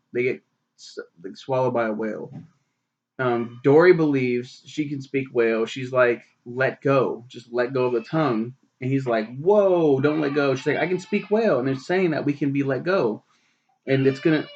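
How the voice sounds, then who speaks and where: A man's voice: medium pitch, lo-fi sound. A man in his twenties casually recapping a film, rambling with lots of fillers and swearing. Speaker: film reviewer.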